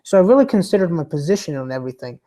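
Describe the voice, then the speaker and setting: A man's voice: a little high, sing-song, rapid-fire, dark tone. A man talking casually to his chat on a livestream, still recovering from being sick. He rambles, hesitates and restarts his sentences often. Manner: rambling and hesitant, trips over his words. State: recovering from illness.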